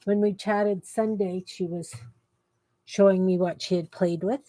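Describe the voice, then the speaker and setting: This is a middle-aged woman hosting a craft livestream in her basement, where she chats with viewers and mutters to herself as she works. Her medium-pitched voice is steady, unhurried, and mellow, with slight background noise.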